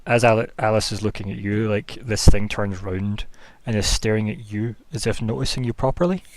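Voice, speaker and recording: A man's voice: on the low side, brisk, no echo. A man narrating as game master of a tabletop game, rambling through scene descriptions with lots of fillers.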